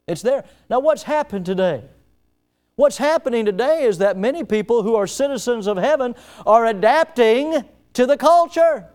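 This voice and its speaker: A man preaching a sermon as pastor, telling stories and acting out scenes with lively emphasis. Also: high-pitched, clean tone. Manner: storytelling preacher, animated, acts out scenes.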